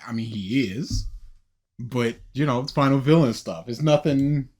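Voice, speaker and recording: Male co-host, mid-pitched voice, laid-back chat, dry wit. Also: a little slow, darkish tone. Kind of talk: casual podcast chat.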